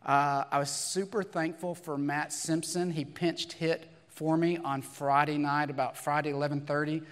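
A hoarse pastor, his voice raspy and a touch higher than most men's, preaching to his congregation in a conversational way. He asks rhetorical questions as he goes, and a long reverb hangs over his words in a big church hall. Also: little pitch movement, moderate pace. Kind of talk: sermon. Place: church sanctuary.

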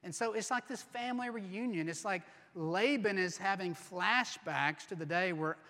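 Bright, animated male preacher in a hall. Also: high voice, moderate pace. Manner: animated, humorous, acts out voices. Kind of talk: expository sermon with animated retelling. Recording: long reverb in a large hall.

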